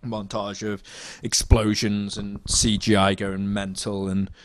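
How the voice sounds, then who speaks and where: A young man talks films in a loose, animated way, swearing and restarting his sentences. His voice sits a touch low, and the recording is dry and close. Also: slow, dry recording. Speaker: podcast co-host. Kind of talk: casual film chat.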